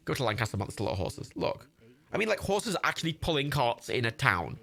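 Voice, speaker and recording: A man chatting his way through a game on a livestream. He is self-mocking and swears freely. His voice jumps up and down with a bright, sharp tone. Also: medium pitch, very animated, fast, gravelly. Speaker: streamer. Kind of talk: casual livestream gaming commentary.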